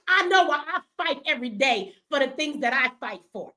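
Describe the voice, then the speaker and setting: Middle-aged female activist host; fierce, emphatic, cursing, teary; bright, high voice. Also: lively intonation, normal speed. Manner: angry, profane, emphatic. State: crying. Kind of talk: impassioned livestream rant.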